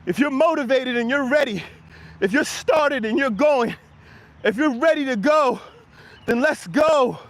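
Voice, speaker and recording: A man's voice: very high voice, moderate pace. A man hosting a live motivational walk-and-talk, slightly out of breath from walking outdoors and energetically encouraging his viewers and answering their comments. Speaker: motivational livestream host. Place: outdoors on an early-morning walk. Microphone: handheld camera while walking.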